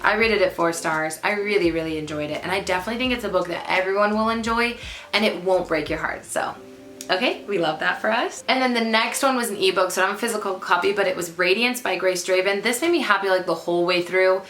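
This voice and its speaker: A woman's voice: medium pitch, fast talker, a bit bright. A woman in her twenties chatting casually to camera as a book vlogger, gushing and emphatic, repeating words for stress. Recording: echoey room with faint music.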